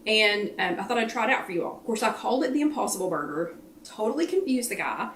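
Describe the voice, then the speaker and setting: A woman's voice: medium pitch, expressive, fast talker, fairly bright tone, a little hiss or hum. A middle-aged woman chats casually on a live stream, greeting viewers by name in between her own stories. Her voice sits in a middle register. She speaks from some distance off the mic, in a room with an echo. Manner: chatty, greets viewers by name mid-sentence. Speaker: host of a live weekly wellness chat. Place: at home.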